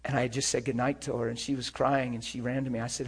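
A man's voice: mid-range voice, level tone, fast, few pauses, slightly rough. A man preaching a sermon, telling an earnest testimony to his church with emphatic rhetorical questions. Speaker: pastor.

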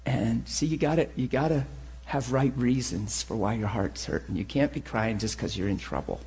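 A man preaching and telling his own story in a sermon, with animated storytelling that rises to shouts. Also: mid-range voice, normal speed, husky. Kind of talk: sermon testimony.

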